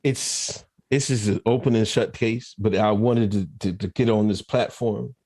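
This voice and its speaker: A man's voice: on the low side, fairly even intonation, unhurried, a little mellow. A man co-hosting a podcast, teasing in comedic casual chat and laughing often. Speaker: podcast co-host.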